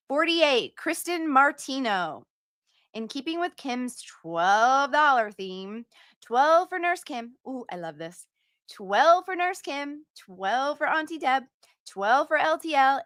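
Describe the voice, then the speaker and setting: Bright-voiced woman reading donations. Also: high voice, no room sound, studio quality. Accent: put-on accent at times. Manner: reads donor messages aloud, chatty and playful. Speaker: livestream host reading donations. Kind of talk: casual livestream chat.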